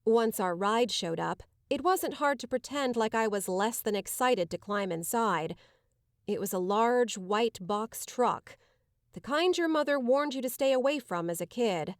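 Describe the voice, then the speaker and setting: A woman giving measured, dramatic first-person narration of an audiobook. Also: a little high, lively intonation, no room sound, studio quality.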